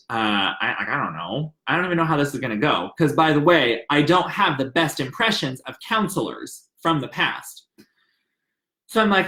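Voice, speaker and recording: A man telling a personal story in a chatty, animated way, acting out the conversations. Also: fairly high pitch, a little slow. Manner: chatty and animated, acts out dialogue. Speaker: narrator. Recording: roomy echo.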